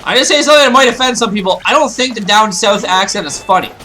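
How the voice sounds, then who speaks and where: Excitable gaming host, bright voice, swooping pitch, joking and rambling, faint music underneath. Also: male voice, fast talker. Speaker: let's play host. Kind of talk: casual gameplay commentary.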